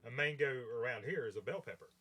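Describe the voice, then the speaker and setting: Fast, bright, husky Southern Ohio joker. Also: male voice, medium pitch, animated. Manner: joking, teasing banter. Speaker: podcast co-host. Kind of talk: casual interview chat.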